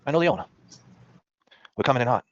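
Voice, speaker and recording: A man's voice: mid-range voice, sing-song, quick pace, dull audio, background noise. A man hosting a podcast, ranting at critics in a combative, profane, mocking way. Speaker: podcast host. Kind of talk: ranting talk-show monologue.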